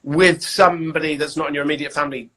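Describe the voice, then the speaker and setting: A man with a slightly husky, fairly high voice, chatting casually on a live video call. He rambles and restarts, friendly and loose. He sounds like an actor talking shop between friends. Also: steady tone, fast, bright, forceful tone, rough recording. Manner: rambling, self-interrupting, chatty. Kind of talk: casual chat.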